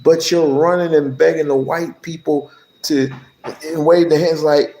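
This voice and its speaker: A man co-hosting a call-in livestream, giving slow, lecturing commentary. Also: a little high, steady tone, creaky, mellow. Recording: roomy echoey room.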